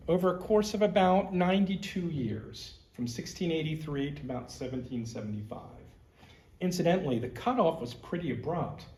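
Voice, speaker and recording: A man's voice: on the high side, darkish tone, roomy sound. A man giving a conversational history lecture as a museum curator, explaining with slides and personal asides.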